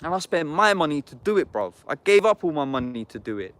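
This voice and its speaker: A man's voice: on the high side, big pitch swings, quick pace, a bit bright, no room sound. Blunt, sweary man. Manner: blunt, heated and sweary, saying "bruv" constantly. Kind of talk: casual livestream chat.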